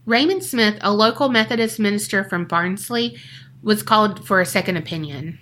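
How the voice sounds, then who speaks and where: Woman podcast host, bright voice, animated, cusses while she tells the story. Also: mid-range voice, moderate pace. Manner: animated, swearing, acts out quoted people in slang. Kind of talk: casual storytelling chat.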